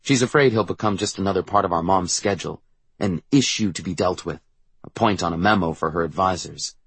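A man narrating a first-person novel in a quiet, measured way. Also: low voice, husky, no echo. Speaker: audiobook narrator.

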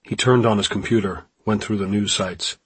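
A man reading a novel aloud in measured scripted narration. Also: on the low side, steady tone, husky, no room sound. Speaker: audiobook narrator.

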